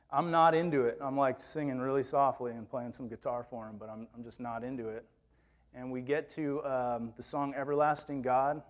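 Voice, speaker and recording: A man who works with teens, preaching a sermon as a personal story in a conversational, self-quoting way. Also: medium pitch. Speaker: youth minister preaching.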